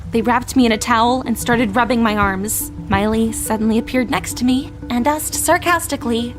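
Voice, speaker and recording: A young woman tells a first-person story with lots of drama and emotion. Her voice is bright and high, and faint background music plays under the narration. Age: young adult.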